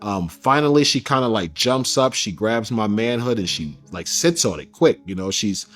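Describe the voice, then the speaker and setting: A man giving an interview, recounting a personal story in a candid, casual way with slang, getting animated when he quotes others. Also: lowish voice, moderate pace, soft background music.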